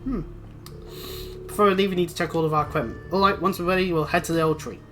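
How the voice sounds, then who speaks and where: A man's voice: high voice, fairly even intonation, fast, a bit bright, soft background music. A man from Britain casually commenting while playing a video game, chatty and prone to restarting his sentences. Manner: chatty, rambling, self-interrupting. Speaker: let's play host.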